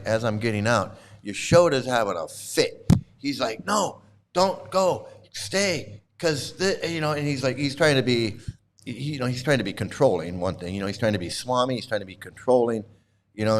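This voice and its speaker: A man's voice: lowish voice, a little fast, slight background noise. A middle-aged man telling a rambling story casually to his livestream chat, laughing often and restarting sentences. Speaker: host.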